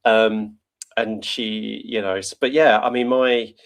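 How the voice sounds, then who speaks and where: Speaking slowly in a lowish, level voice, this UK podcast host runs a conversational interview. His style wanders and is talkative, punctuated by frequent laughter and self-corrections.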